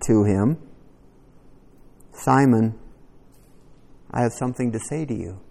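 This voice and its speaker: A man preaching a conversational sermon, teaching verse by verse with animated asides. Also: mid-range voice, long reverb tail. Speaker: pastor.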